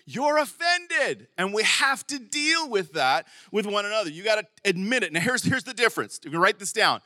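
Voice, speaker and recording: A middle-aged man preaching a sermon as pastor, animated, with sudden emphatic bursts and some stumbling over words. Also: high-pitched, moderate pace, dry recording, clean studio sound. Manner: stumbles and repeats words at times.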